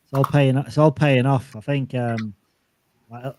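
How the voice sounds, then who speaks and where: A man's voice: mid-range voice, steady tone, unhurried, a little mellow, slight background noise. A man hosting a live stream in casual chat, often restarting his sentences and filling with "like". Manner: repeats himself, lots of likes and restarts. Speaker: host.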